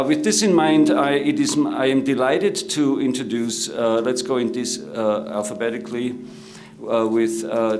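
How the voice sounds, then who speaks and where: A middle-aged man with an Austrian German accent who moderates a conference panel, introducing guests formally and pausing often with "uh". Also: medium pitch. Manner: halting, many "uh" fillers. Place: conference room.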